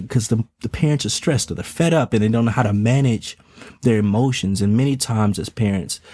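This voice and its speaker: A man's voice: lowish voice, a little mellow, slightly rough, no echo. A father of twin toddlers speaking in a casual, earnest monologue. He uses slang and repeats words as he talks. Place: home in Texas.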